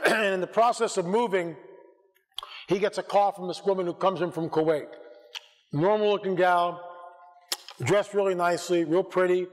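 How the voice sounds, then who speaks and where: An American man with a hoarse, strained voice, telling stories to a church audience as a conference speaker, acting out the dialogue and often restarting his sentences. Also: high voice. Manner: animated, acts out dialogue, frequent restarts. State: hoarse, clearing his throat. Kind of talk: storytelling talk to a church audience. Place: church hall. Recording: long hall reverb.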